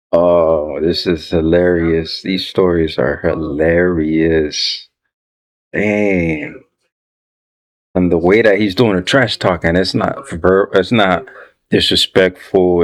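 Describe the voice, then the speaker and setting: A man hosting a reaction video, making relaxed, amused remarks between clips. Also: low-pitched. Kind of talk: casual reaction commentary.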